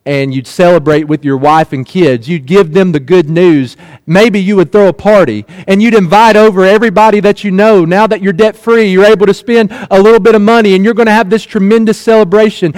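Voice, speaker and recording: A man's voice: high-pitched, a little mellow, no room sound. A man preaching a sermon, retelling a parable with earnest rhetorical questions and repeated phrases.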